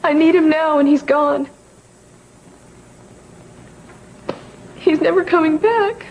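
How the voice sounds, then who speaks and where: Grieving young woman, high voice, tearful and defensive, soap drama. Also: moderate pace, dull audio, slight background noise. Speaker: actor in a TV soap opera. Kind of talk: 1980s TV soap acting.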